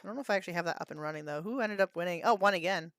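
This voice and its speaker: A woman's voice: lowish voice, racing, fairly bright tone, dry recording. A woman in her thirties hosting a livestream, chatting casually with viewers, laughing often and swearing freely as she reacts to chat. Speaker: livestream host.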